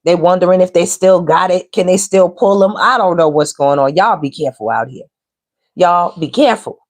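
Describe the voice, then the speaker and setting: A woman's voice: on the low side, normal speed. A woman giving a casual, teasing tarot reading straight to her viewers. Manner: chatty, teasing, talks straight to viewers with slang. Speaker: tarot reader.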